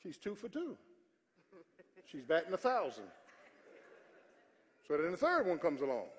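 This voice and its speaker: A male pastor preaching a sermon with call-and-response, building up to shouting. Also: on the high side, wildly swooping pitch, unhurried. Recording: church hall reverb with faint congregation.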